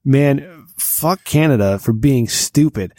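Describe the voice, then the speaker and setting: A man's voice: medium pitch, slow, a little mellow, no echo. A young man co-hosting a casual comedy podcast, reading a news item aloud and ranting with profanity and mocking asides. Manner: profane, mocking rants with mock accents. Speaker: podcast co-host.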